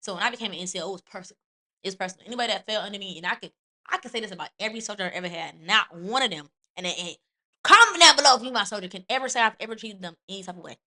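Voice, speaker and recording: Fast, bright-voiced outspoken woman. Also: medium pitch. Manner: blunt, profane, animated storytelling. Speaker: podcast host and Army NCO. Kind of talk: candid casual chat.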